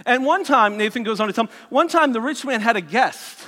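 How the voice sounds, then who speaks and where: A man preaching a sermon as a lively story, acting out the characters' voices and adding joking asides. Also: very high voice, fairly quick, long reverb tail. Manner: animated, voices the characters, self-mocking asides.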